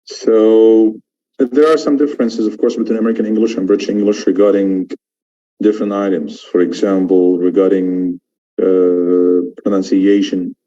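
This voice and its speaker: A man's voice: low voice, little pitch movement, moderate pace, dark tone, lo-fi sound. A man teaching an English exam course, explaining pronunciation and repeating key words as he demonstrates them. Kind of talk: online lecture.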